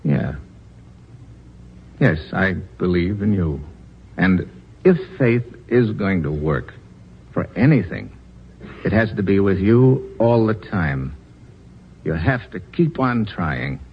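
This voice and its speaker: An actor playing a patient, earnest army chaplain in 1940s radio acting, gentle and persuasive. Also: male voice, deep voice, expressive, takes it slowly, pauses often, lo-fi sound, slight background noise, exaggerated voice.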